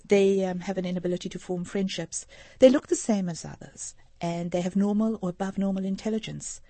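A woman's voice: medium pitch, fairly quick, warm tone, no echo. A middle-aged woman from Africa, a social worker explaining earnestly as a radio interview guest. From South Africa. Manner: earnest, explanatory, gives anecdotes.

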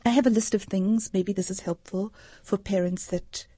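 A woman's voice: medium pitch, steady tone, normal speed, warm tone, husky, no room sound. A middle-aged woman from Africa, a social worker explaining earnestly as a radio interview guest. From South Africa. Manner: earnest, explanatory, gives anecdotes.

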